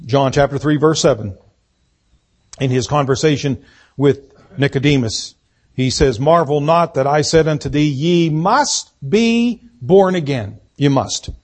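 A man preaching a sermon as pastor, swelling to emphatic lines and then dropping to quiet asides. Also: on the high side, a little slow. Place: church sanctuary.

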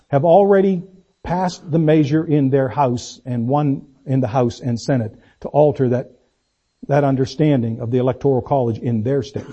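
A man preaching a sermon, swinging between loud slow emphasis and low quiet asides. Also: slightly rough. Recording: dull lo-fi recording.

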